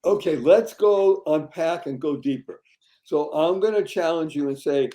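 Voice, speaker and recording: A man hosting a podcast, animated and playful, fond of wordplay, with sudden loud bursts of emphasis. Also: on the high side, unhurried. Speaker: podcast host. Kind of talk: upbeat podcast chat.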